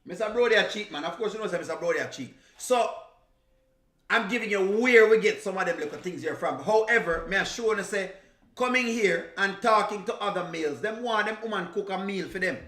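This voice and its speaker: A man's voice: high-pitched, a little fast, pushed and bright, echoey room. A man from Jamaica with a Jamaican accent, chatting casually on a live stream, teasing and laughing and slipping into patois. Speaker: reaction streamer.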